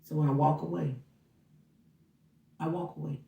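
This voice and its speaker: A woman with a gravelly, fry-edged voice recounts what she saw in an animated, casual way, slipping into the voices of the people in her story. She sits away from the microphone in an echoey room. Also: low voice, measured pace. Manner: animated, acts out dialogue while recounting. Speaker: housekeeper. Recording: roomy, distant from the mic.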